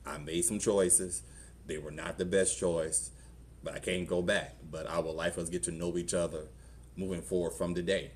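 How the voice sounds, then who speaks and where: A man's voice: low voice, fairly even intonation, normal speed, slight background noise. A middle-aged man with a Southern US accent, a pastor telling his own story in a conversational sermon and acting out the voices in it. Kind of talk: testimony sermon. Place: church.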